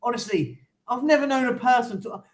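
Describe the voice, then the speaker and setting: A man's voice: very high voice, expressive, a little fast. A man hosting a casual football fan stream, teasing and laughing with his co-host. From Italian roots. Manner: teasing, banters and laughs often. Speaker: channel host.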